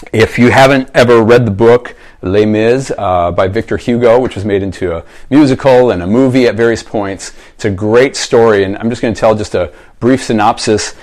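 A man's voice: lowish voice, moderate pace, few pauses, a little mellow. Conversational man preaching a sermon. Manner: conversational storytelling, asks the congregation reflective questions. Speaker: pastor.

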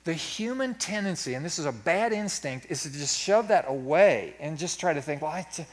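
A middle-aged man preaching a sermon with a somewhat higher-than-usual pitch. He talks in a folksy, self-deprecating way, playing out his own inner dialogue as he teaches. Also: expressive, normal speed. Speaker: pastor.

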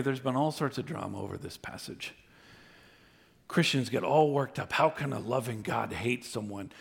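A man preaching a sermon, speaking with animated intensity and acting out God's words with rising emphasis. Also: on the high side. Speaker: pastor.

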